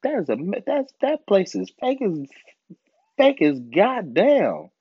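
Animated ranting man, dull dry sound. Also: high voice, slow pace, slightly rough, dry recording. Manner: profane, animated ranting with mocking put-on voices. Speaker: podcast host. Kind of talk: casual monologue.

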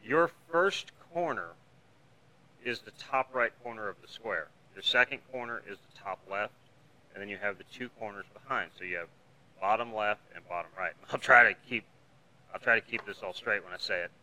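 A man's voice: lowish voice, normal speed, bright, forceful tone, low-quality recording. A man hosting a podcast, teaching in a conversational, explanatory way and talking to a camera. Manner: explanatory, conversational, uses everyday analogies. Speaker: podcast host teaching duck calling. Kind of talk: solo instructional podcast talk.

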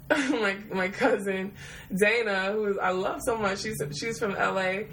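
A woman, telling a travel story in a casual, rambling way. She swears freely and laughs often. Her voice sits at a middle pitch for a woman. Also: steady tone, a little slow, fairly bright tone, a little hiss or hum, rough recording. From Detroit, USA.

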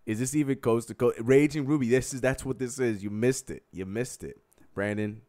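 A man's voice: mid-range voice, moderate pace. A man hosting a casual live-stream quiz, teasing his co-host and laughing often, with faint music behind. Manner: teasing, laughs a lot, lively. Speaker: show host running a quiz.

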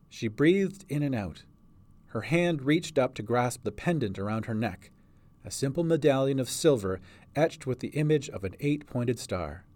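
A man's voice: medium pitch, animated, unhurried, a little mellow. A man reading a fantasy story aloud as narrator. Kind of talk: audiobook narration.

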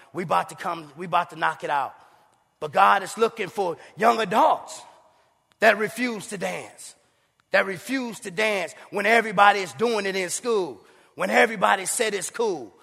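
A pastor preaches, slipping into playful asides and impressions. His voice sits very high with a bright, sharp edge and some gravel. The sound rings out with a long hall echo. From Saint Paul, Minnesota. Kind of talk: sermon.

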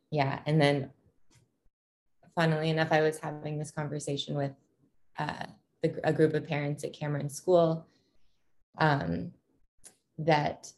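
A woman in her thirties, a parent, talking thoughtfully and casually, with frequent ums and restarts. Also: sits low. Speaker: parent sharing her experience. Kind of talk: reflective casual conversation.

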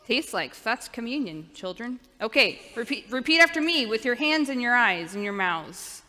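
A woman's voice: on the high side, big pitch swings, moderate pace, bright, forceful tone. A woman leading a children's sermon in a church, patiently coaching the children to repeat after her. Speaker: children's minister. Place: church sanctuary. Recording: long reverb of a church hall.

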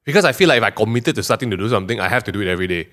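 A Malaysian man talking on a casual podcast, his pitch swinging widely as he gets animated. He slips into quick impressions of the people he is describing. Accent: Malaysian English. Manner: animated, mimics people in Manglish asides.

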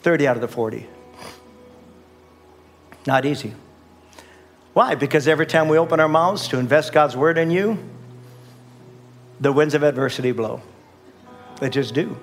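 An older pastor delivers a sermon in a church sanctuary, emphatic and repetitive. He keeps calling on the congregation to answer him, and his voice sits somewhat high for a man.

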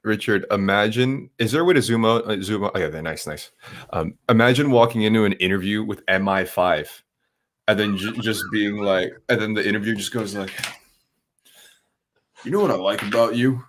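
A man co-hosting a casual reaction show, incredulous and animated, swearing freely. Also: on the low side, fairly quick, slight background noise. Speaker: co-host.

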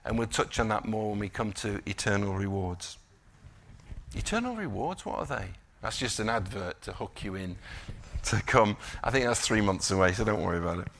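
A middle-aged man preaching a sermon, rising to emphatic slow stressed phrases and dropping to quiet conversational asides. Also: fairly low pitch, fairly even intonation, slight background noise. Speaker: pastor.

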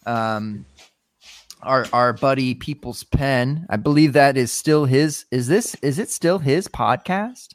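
A man's voice: mid-range voice, slow pace, no echo. A man hosting a sports podcast in casual chat, rambling and joking with many restarts. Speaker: podcast host.

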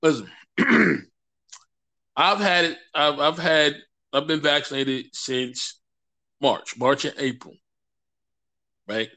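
On the high side and slow, with long pauses, this podcast guest talks casually. He animatedly shares stories and acts out what the people involved said.

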